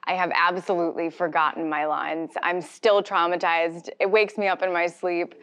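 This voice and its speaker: A woman's voice: on the low side, steady tone, moderate pace, a bit bright. A woman, an actor guest, chatting playfully and joking at her own expense. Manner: jokey, self-mocking. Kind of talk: playful casual chat.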